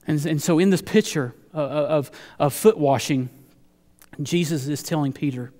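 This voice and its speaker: A male pastor preaching a sermon in a fairly high voice, earnest, restarting phrases as he builds each point. His words ring out with a long echo through the church sanctuary. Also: normal speed, dark tone.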